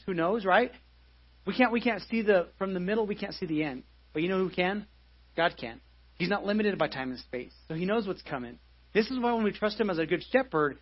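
A man's voice: high voice, breathy edge, lo-fi sound. A pastor in his forties giving a live sermon in a church, conversational, with many restarts and repeated phrases. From United States.

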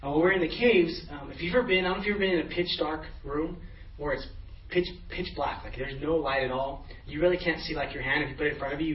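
A man's voice: fairly high pitch, a little hiss or hum. A man in middle age preaching a sermon as pastor, casual storytelling with frequent restarts. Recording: echoey, distant, dull room sound.

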